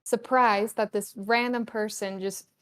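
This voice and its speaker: A woman narrating a tabletop game as game master, halting with many ums and you-knows. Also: mid-range voice, steady tone, smooth.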